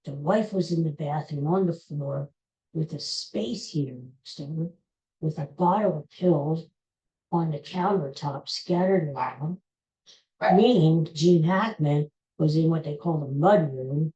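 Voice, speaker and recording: A woman's voice: sits low, unhurried, dark tone, dull audio. A woman hosting a solo podcast, ranting in a grumbling, indignant way. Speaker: podcast host. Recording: roomy echo.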